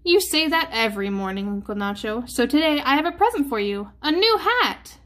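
A woman's voice: high voice, big pitch swings, brisk. A woman voicing a cheerful young girl, an eager and caring niece, in a storybook read-aloud. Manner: bright and eager, calling out.

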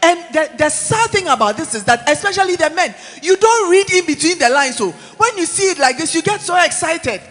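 High-voiced preacher in an echoey church. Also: male voice, brisk, few pauses. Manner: animated, mixing English with Twi, shouting and dropping low. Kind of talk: sermon.

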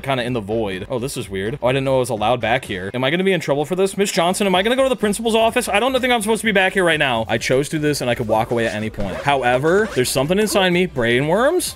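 A young man giving loud, jokey gameplay commentary, yelping and shouting at his mistakes and talking to his chat. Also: fairly high pitch. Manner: loud, excitable, frequent yelps and shouts; jokey, crude, talks to chat. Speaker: gaming YouTuber.

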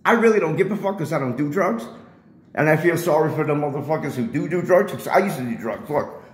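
A man's voice: on the high side, expressive, fast, reverberant, rough recording. A man filming a confrontation with building security on his phone, lecturing them in a combative way and repeating his points. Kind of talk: heated confrontation, filmed on phone. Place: public area of a residential building, indoors. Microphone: handheld phone camera.

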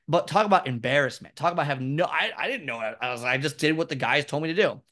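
A man with a fairly high, fairly bright voice talks fast as an interview guest, a fitness expert sharing stories. He rambles casually and pokes fun at himself along the way.

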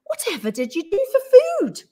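A teacher voicing an excitable, kind-hearted middle-aged mother in a picture book, full of exclamations. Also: very high-pitched, fairly quick, pitched above the performer's own voice, exaggerated voice. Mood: excited. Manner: exclamatory and fussing.

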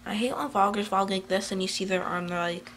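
A woman's voice: medium pitch, fairly even intonation, fairly quick, fairly bright tone, a little hiss or hum. A woman talking casually to her phone camera at home in a meandering vlog, full of fillers and restarts. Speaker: vlogger. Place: at home, indoors. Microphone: handheld phone camera.

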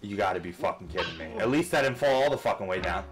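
Profane, lively-pitched male gamer. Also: moderate pace. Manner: profane, swears constantly; frustrated outbursts and self-coaching. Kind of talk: let's play commentary.

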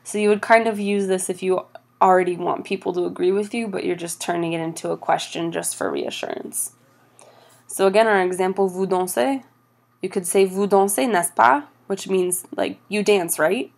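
A woman teaching French grammar over slides, patient and steady, slowing down for each example phrase. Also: on the low side, vocal fry.

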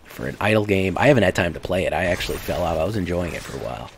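He speaks at a racing pace in a deep, creaky, expressive voice while playing a card game on stream. The talk is loose and rambling, with lots of fillers and laughing, and faint noise sits in the background.

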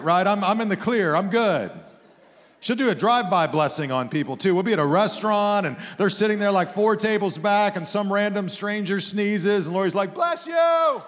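Middle-aged pastor with a high-ish voice in a reverberant hall. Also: male voice. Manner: animated, humorous storytelling. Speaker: guest pastor. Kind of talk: sermon. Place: church sanctuary.

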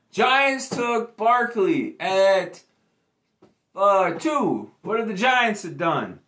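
Young male sports vlogger, bright and sharp-edged, mocking and profane. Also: very high-pitched. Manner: mocking, gloating, swearing heavily. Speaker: sports YouTuber. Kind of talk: profane ranting sports vlog.

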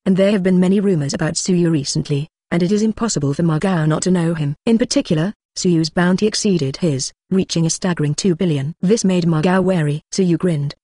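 A synthetic-sounding narrator reading a translated fantasy novel in a steady, even manner without fillers. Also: medium pitch, fairly quick, no room sound, studio quality. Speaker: audiobook narrator.

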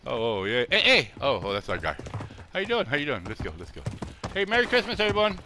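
A man's voice: medium pitch, wildly swooping pitch, fast talker, background noise. An older man and grandfather, chatting casually while gaming and jokingly wishing opponents a merry Christmas. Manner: jokey, greets enemies with holiday wishes. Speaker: gamer streamer. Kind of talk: casual game chat.

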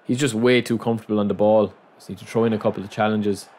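A young man giving running commentary over his own football video game, muttering to himself and breaking into loud outbursts of frustration. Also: on the low side, steady tone, quick pace. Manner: frustrated, muttering self-talk that bursts into loud outcries at the game. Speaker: gaming channel host.

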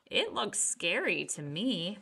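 A woman voicing a small, easily frightened girl bear cub in a storybook, pleading in a high voice. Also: very animated, slow pace, creaky, sharp tone, breathy edge, full character voice. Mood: impatient.

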